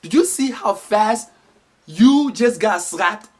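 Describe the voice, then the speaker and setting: Animated man doing a comedy monologue. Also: high-pitched, slow pace. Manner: animated, emphatic storytelling. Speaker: comedy vlogger.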